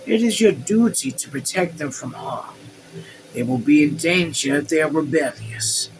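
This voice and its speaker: A man voicing a cold, polite occupying army colonel in a read-aloud story, measured and insistent. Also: fairly high pitch, noisy background, close to an everyday voice. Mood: cool.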